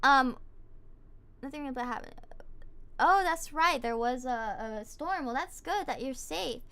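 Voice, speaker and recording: A young woman streamer telling a story in casual chat, animated and indignant, with lots of fillers. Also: high-pitched, a little slow, smooth.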